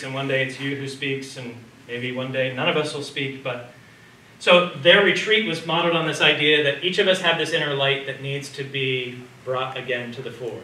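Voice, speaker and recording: Man, public lecture with slides, conversational, bright tone, roomy echo, heard from a distance. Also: on the high side. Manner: conversational, asks the audience questions. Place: community hall or lecture room. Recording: roomy sound from a distance, faint background noise.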